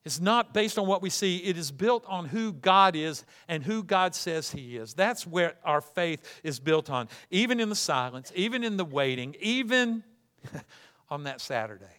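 A male pastor delivering a sermon in a slightly high voice. He swings between loud, fervent passages and hushed, soft reflection. His talk is full of repeated starts and restarts. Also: expressive, moderate pace, few pauses.

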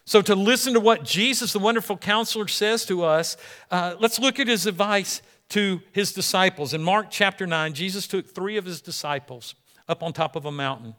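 A middle-aged man preaching a sermon as pastor, animated and acting out the people he quotes. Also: high-pitched, normal speed.

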